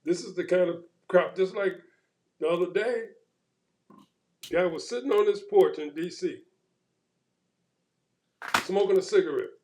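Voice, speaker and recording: A man in casual conversation, retelling a run-in with police in an animated way and acting out the quoted exchanges. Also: high voice, unhurried, pauses often, slight background noise, low-quality recording.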